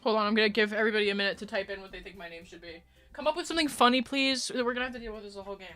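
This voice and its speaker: Talking very fast in a mid-range voice, this female streamer keeps up casual banter with her audience while gaming, cursing and cracking jokes between abrupt yelled outbursts. Faint background music plays underneath.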